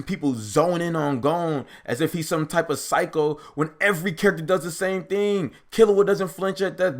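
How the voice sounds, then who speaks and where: Rambling, argumentative young man with a higher voice. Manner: rambling, filler-heavy, argumentative. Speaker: anime reaction commentator. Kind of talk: casual unscripted commentary.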